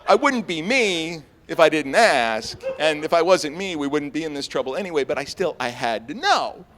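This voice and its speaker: An American man telling a story on stage before a live audience, animated and self-mocking, full of fillers and restarts. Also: fairly high pitch, normal speed, slight background noise. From United States.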